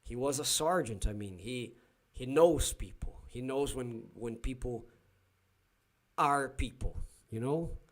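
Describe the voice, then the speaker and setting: A man from São Paulo speaks English with a Brazilian Portuguese accent at a mid pitch, hosting a casual livestream. He tells his stories animatedly and voices the other people in them, often restarting his sentences. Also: slow. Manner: animated storyteller, acts out dialogue, frequent restarts. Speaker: livestream host.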